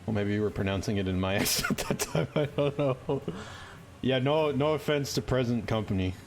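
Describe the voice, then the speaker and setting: A man's voice: mid-range voice, expressive, normal speed, a little hiss or hum. A man streaming a game, with joking, profane, rambling commentary. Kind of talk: casual gaming commentary.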